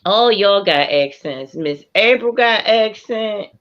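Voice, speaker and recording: A woman hosts a casual live online chat, speaking very slowly, and her pitch rises and falls in a lively way. She laughs easily and gushes over her guests. Her voice comes through a dull, lo-fi call line. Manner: slow, laughing, animated.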